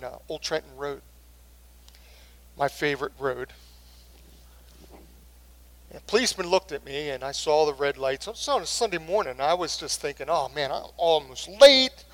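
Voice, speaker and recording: A man's voice: fairly high pitch, moderate pace, pauses often, fairly bright tone. A middle-aged male pastor preaching a sermon in an earnest, conversational way.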